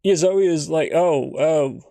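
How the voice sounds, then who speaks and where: Man playing a no-nonsense ex-cop woman, brisk and commanding, a bit raised, tabletop game. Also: on the high side, creaky, warm tone, no room sound. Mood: firm. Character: level-headed woman ex-police officer.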